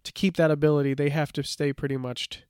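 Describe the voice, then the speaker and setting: A man with a fairly high, smooth and resonant voice talks in a loose, chatty way, reading bits from notes and leaning on filler words. The sound is close and dry. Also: fast talker, no room sound. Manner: relaxed storytelling, reads from notes, many "like" fillers. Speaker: podcast co-host. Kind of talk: casual chat.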